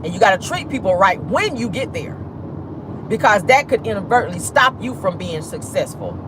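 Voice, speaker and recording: A woman with an African American Vernacular English accent, hosting a casual livestream with blunt, sassy commentary. Her pitch swings widely as she talks. Clear traffic noise rumbles behind her. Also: big pitch swings, normal speed. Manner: sassy, blunt, laughs often. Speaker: vlog host.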